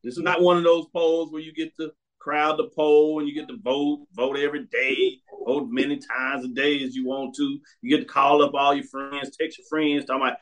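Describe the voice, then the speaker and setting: Hosting a sports show, a man with a bright, high voice delivers loose, opinionated commentary. He's blunt and emphatic, piling up short commands to drive his point home, with a level tone, moderate pace and few pauses.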